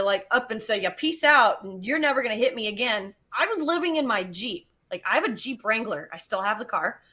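A woman guest telling personal stories in a chatty, animated way, full of fillers and casual swearing. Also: fairly high pitch. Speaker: podcast guest, geologist. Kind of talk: casual storytelling.

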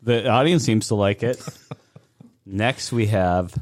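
A man's voice: fairly low pitch, slow pace, very noisy. A man hosting a podcast game in casual chat, upbeat and teasing. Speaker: podcast host running a game.

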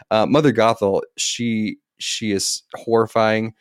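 A man's voice: lowish voice, normal speed, no echo, studio quality. A man co-hosting a casual movie review podcast, rambling and laughing between his points. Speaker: podcast co-host.

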